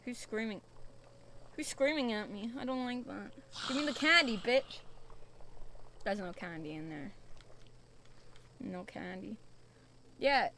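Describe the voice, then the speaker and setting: A woman's voice: medium pitch, slight background noise. A young woman from the UK streaming a spooky VR game, chatty and jumpy, swearing often as she reacts. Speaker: VTuber streamer.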